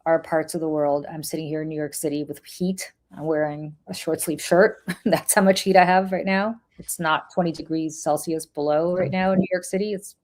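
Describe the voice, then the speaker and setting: A woman's voice: deep voice, steady tone, normal speed, few pauses, darkish tone. A woman from Russia with a Russian accent, co-hosting a casual political podcast and speaking in an impassioned, emphatic way with many restarts. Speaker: podcast co-host. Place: New York City.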